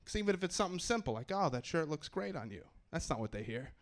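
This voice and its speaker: A man's voice: a little high, very animated, fast. A man performing stand-up comedy on a club stage with a handheld mic, wry and self-mocking, with punchy timing.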